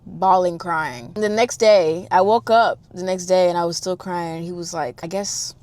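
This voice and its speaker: A young woman telling a personal story in casual chat. She is animated and slangy, talks straight to her listeners, and swings between loud exclamations and hushed low asides. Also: normal speed. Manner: addresses listeners directly, slangy and profane.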